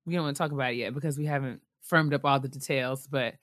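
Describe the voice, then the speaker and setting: Young woman, podcast co-host, low voice, casual rambling chat, dry close sound. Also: steady tone, fast, no room sound. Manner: chatty, repeats herself, frequent fillers and laughs.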